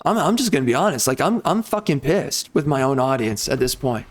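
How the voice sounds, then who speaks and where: A man's voice: medium pitch, very animated, brisk. A male gaming YouTuber delivering an angry, heavily profane rant in a blunt, exasperated way.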